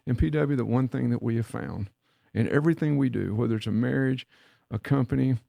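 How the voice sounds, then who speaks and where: A man's voice: medium pitch, brisk, creaky, mellow, dry recording. A man, co-hosting a podcast, telling a story in a folksy way and acting out the dialogue. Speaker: podcast co-host and leadership mentor. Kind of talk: casual storytelling chat.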